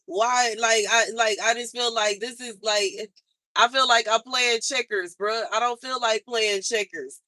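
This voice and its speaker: A young woman vents to her livestream audience, frustrated and emphatic, and she keeps circling back to the same complaints. Her voice is bright and tense. The sound is dry and close, with no room echo. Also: on the high side, steady tone, unhurried. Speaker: livestream host. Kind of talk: venting on a livestream.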